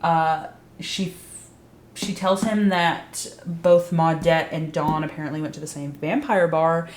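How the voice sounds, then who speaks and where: A woman's voice: sits low, steady tone, a little slow. A young adult woman recapping a TV series in casual, blunt, emphatic talk, swearing freely. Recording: roomy echo.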